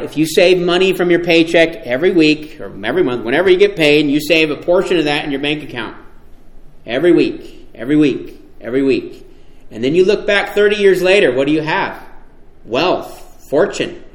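A man preaching a sermon, emphatic and animated, often asking his listeners rhetorical questions. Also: a little high, a little fast, reverberant.

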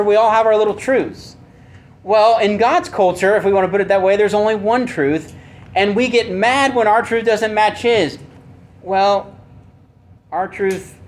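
A man preaching a sermon with emphasis, asking rhetorical questions and swinging between loud and soft. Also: sits high. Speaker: pastor.

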